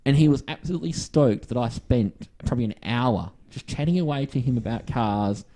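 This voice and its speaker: A man's voice: mid-range voice, a little fast. Australian man telling rambling car-show stories. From Western Australia. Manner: rambling, animated anecdotes with acted-out quotes. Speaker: podcast co-host. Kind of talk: casual storytelling chat.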